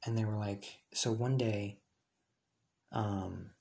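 Gravelly low-voiced young man rambling. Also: steady tone, slow pace, dark tone. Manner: rambling, with frequent self-corrections and "like" fillers. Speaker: high school student telling a personal story. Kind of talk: casual storytime monologue.

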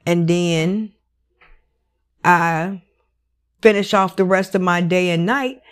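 A woman hosting her own podcast, talking alone in a casual monologue, blunt and animated, swearing freely and leaning on "you know". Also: on the low side, takes it slowly, clear, resonant tone. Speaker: podcast host.

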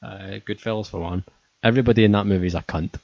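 A man's voice: fairly low pitch, steady tone, fast, creaky, a little mellow, no room sound. A man in casual chat, rambling and joking with a lot of swearing. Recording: muffled, lo-fi, dry.

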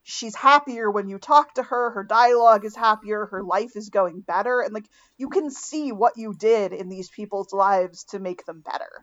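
A woman's voice: medium pitch, normal speed, few pauses, a bit bright. Upbeat woman on a podcast, mid voice, muffled lo-fi mic. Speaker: podcast panelist. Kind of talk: casual group chat. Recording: dull lo-fi mic.

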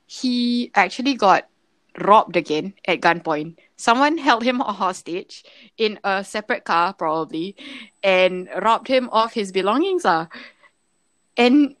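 A young woman from Singapore with a Singaporean English accent, co-hosting a podcast, telling a story in animated, casual chat with plenty of swearing. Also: mid-range voice, a little slow, no room sound. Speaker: podcast co-host.

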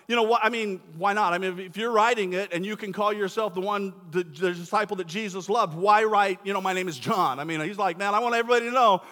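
A man's voice: high-pitched, a little fast, hardly any pauses, sharp tone. A male pastor giving a sermon in a church sanctuary, talking in a conversational, emphatic way. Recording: long reverb of a church hall.

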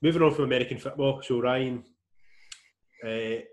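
A man's voice: mid-range voice, normal speed, a little mellow. A Scottish man co-hosting a casual podcast. He teases the others and nudges the conversation on to the next topic. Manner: teasing, prompting, moves the talk along. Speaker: podcast co-host. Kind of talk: casual chat.

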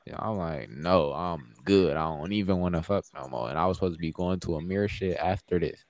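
A man's voice: low voice, fairly quick. A young man co-hosting a podcast, telling stories in casual, profane talk and acting out the lines of the people in them. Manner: profane, animated, acts out quoted dialogue. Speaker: podcast co-host. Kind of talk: casual storytelling chat.

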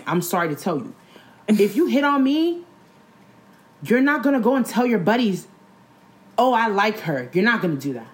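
A young woman in casual chat, blunt and animated, talking in slang with many "like"s. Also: mid-range voice.

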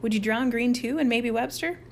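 A woman's voice: a little high, moderate pace, creaky, a little hiss or hum, voice pushed up. A woman voicing a stern, snappish young male camp counselor in an audiobook reading. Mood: exasperated. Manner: snappish and exasperated.

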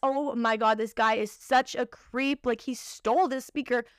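A young woman hosting a podcast, telling a personal story in an animated, emotional, profane way. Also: a little high, moderate pace, a little hiss or hum. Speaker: podcast host.

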